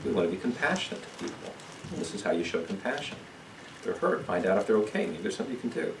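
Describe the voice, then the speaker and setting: A man with a very low voice teaches a church parenting seminar, calm and explanatory. He sounds distant from the microphone, in a room full of echo. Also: quick pace, gravelly, a little hiss or hum. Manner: calm, explanatory, asks "okay?" often. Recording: echoey room, mic far off.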